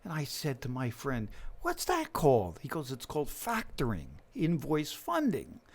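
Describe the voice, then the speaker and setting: A man's voice: mid-range voice, normal speed. A middle-aged man, a business lender, talking casually in an interview and acting out the dialogue in his stories. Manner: animated storyteller acting out dialogue.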